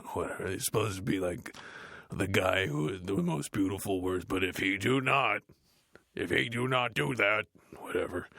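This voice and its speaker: A gruff, dim cartoon heavy metal frontman mutters deadpan through an audiobook reading. His voice is low and deeply gravelly. It is recorded close and dry, with no room sound. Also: no room sound, full character voice. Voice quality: gravelly, growly. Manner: deadpan, grumbling, dismissive.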